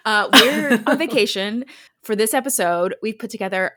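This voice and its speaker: Laughing woman podcast co-host, higher voice. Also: moderate pace. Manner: laughs often, lively and teasing. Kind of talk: casual chat.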